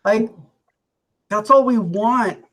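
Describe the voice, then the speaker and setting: Very slow, reflective podcast co-host. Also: medium pitch, a bit bright, low-quality recording. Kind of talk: casual podcast chat.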